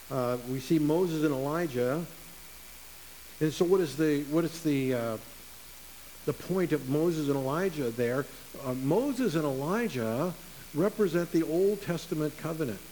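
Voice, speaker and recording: A man preaching a sermon in an earnest way, slowing down to stress key words. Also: on the high side, warm tone, poor audio. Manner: earnest, with slow emphatic stresses. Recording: faint hiss.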